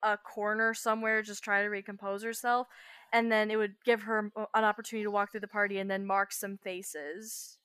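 A woman's voice: mid-range voice, little pitch movement, fairly quick, bright, forceful tone, clear, resonant tone, no room sound, clean studio sound. A woman playing a tabletop game, thinking aloud in a hesitant, thoughtful way. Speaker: player. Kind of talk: casual tabletop play.

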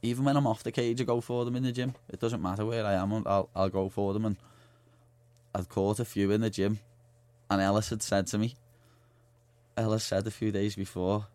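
A man's voice: on the low side, fairly even intonation, brisk, darkish tone, no echo. A young man with a Liverpool accent, a guest in a radio studio, chatting casually and telling stories full of slang and fillers. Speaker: guest fighter.

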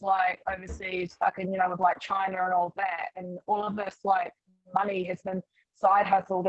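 A woman's voice: mid-range voice, no echo. A woman guest in a casual chat, rambling with many fillers. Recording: dull dry sound.

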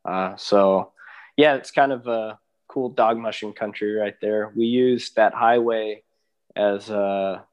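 A man's voice: on the low side, takes it slowly. A man from Alaska, a dog musher, chatting as a guest in an easygoing, rambling way with lots of fillers. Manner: relaxed, rambling with many fillers. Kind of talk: casual interview chat.

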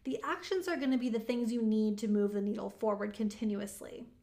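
A woman's voice: on the high side, fairly even intonation, a little fast, warm tone. A young woman giving a casual motivational talk, chatty and emphatic, with lots of "like" fillers. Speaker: motivational speaker on manifesting.

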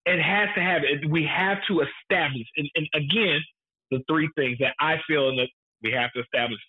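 A man's voice: on the high side, normal speed, slightly rough. A man in casual film discussion, talking emphatically, repeating his points for effect and swearing freely. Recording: tinny phone-like sound.

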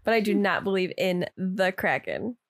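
A woman's voice: mid-range voice, animated, normal speed, no echo. A woman co-hosting a podcast in casual chat, giving short, dry answers and laughing often. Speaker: podcast co-host.

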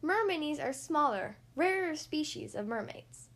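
A woman's voice: high voice, animated, a little slow, a bit bright. A woman reading aloud, voicing a tiny shy female mermaid who talks primly and stammers.

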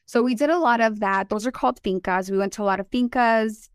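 A woman in her forties, born in Colombia, telling animated and emotional stories as a podcast co-host. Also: a little high, fast, clean tone, no room sound, studio quality. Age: 40s. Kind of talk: casual chat.

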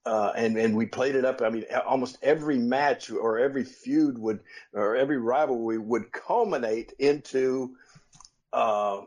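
An older man with a husky, slightly breathy voice and a drawl spins stories in a relaxed podcast chat. He gets animated and acts out the people he quotes, and his pitch sits in an ordinary middle range. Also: normal speed. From United States. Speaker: podcast co-host, former wrestler. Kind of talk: casual storytelling chat.

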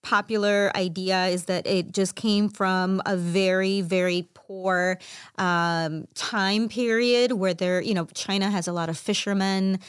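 Woman from chicago, chatty co-host, smooth clear voice, mid pitch, dry close sound. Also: fairly even intonation, measured pace, no echo. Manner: chatty, explains with fillers and laughs. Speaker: podcast co-host. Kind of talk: casual chat.

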